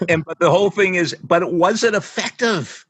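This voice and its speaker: Husky man coaching on a podcast. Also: high-pitched, normal speed, fairly bright tone, no echo. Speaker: sports psychology professor, guest. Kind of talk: podcast conversation.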